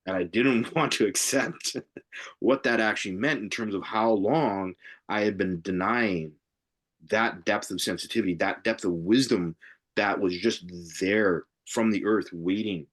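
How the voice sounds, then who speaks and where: A man with a lowish voice talks with earnest conviction, stressing key words as he explains. He sounds like a teacher in an open, conversational live session. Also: measured pace, a bit bright. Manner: earnest and emphatic, driving points home. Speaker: spiritual workshop co-host. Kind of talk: live Q&A discussion.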